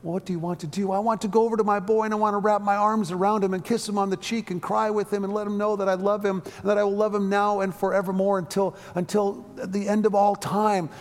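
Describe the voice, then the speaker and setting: A man voicing a worried middle-aged mother who pleads haltingly, repeating her words. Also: high voice, steady tone, mellow, in a large hall, pitched above the performer's own voice. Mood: tearful longing.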